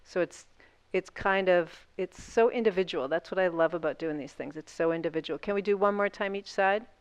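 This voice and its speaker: A woman's voice: lowish voice, a little fast, clean tone, no room sound. A woman instructor guiding a seated yoga class, talking through each movement step by step in an encouraging way.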